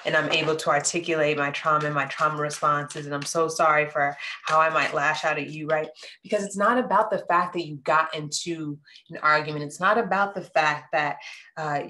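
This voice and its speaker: A woman giving a general tarot reading to her viewers, earnest and heartfelt, often checking in with "right?" and soft hums between thoughts. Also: sits low, slight background noise. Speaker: tarot reader.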